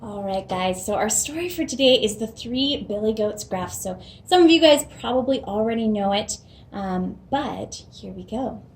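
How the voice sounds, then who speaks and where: A woman hosting a children's program, reading a fairy tale aloud in a gentle storytelling manner. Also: on the high side, expressive, moderate pace.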